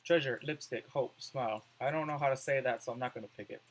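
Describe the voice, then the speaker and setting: A man's voice: medium pitch, fast, low-quality recording. A man doing let's play commentary, reading on-screen words aloud and musing over his choices.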